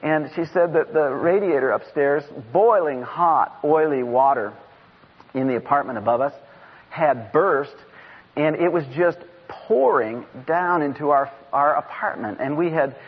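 A man's voice: a little high, measured pace, breathy edge. Impassioned man preaching in a hall. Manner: impassioned, rising to shouts. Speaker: guest preacher. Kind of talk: sermon. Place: church sanctuary. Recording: dull lo-fi sound in a reverberant hall.

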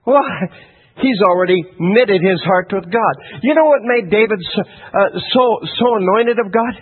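A man's voice: high-pitched, unhurried, husky, narrow, tinny audio. A man preaching a sermon in an emphatic, folksy style, telling the story with lots of energy.

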